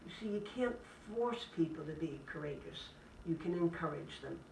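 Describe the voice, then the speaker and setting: A woman, a Catholic sister, giving an inspirational talk to a live audience in gentle, measured phrases. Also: sits low, lively intonation, creaky, slight background noise. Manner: gentle, measured delivery in short list-like phrases. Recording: echoey room, speaker distant from the mic.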